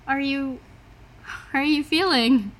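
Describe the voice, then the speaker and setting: A woman's voice: high-pitched, slow pace, low-quality recording. A woman player in a tabletop game, making light asides. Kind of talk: casual tabletop play.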